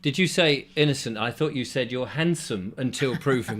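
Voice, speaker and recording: A man's voice: mid-range voice, expressive, moderate pace, few pauses, sharp tone. A man hosting a casual group discussion, joking and self-deprecating. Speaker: host.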